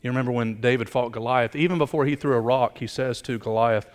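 Male pastor, middle-aged, emphatic sermon delivery, mid pitch, reverberant sanctuary. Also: fairly even intonation, fast talker, hardly any pauses. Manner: emphatic preaching, building up and then dropping low. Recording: long hall reverb.

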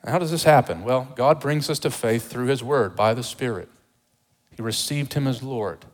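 A pastor preaching a sermon with emphasis, repeating rhetorical questions to the congregation. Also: male voice, mid-range voice, normal speed, long reverb tail.

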